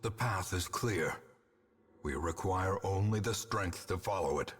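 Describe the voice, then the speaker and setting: An actor playing a solemn ancient divine guide in a game, speaking in a grave, measured way. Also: male voice, low-pitched, fairly bright tone, breathy edge, long reverb tail, full character voice.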